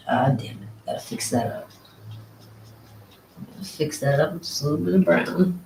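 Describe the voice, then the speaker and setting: A live-stream painter talking casually while working, muttering to themself, repeating words as the brush moves and often dropping to soft whispers. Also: medium pitch, moderate pace, gravelly, pauses often, noisy background. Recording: roomy echo.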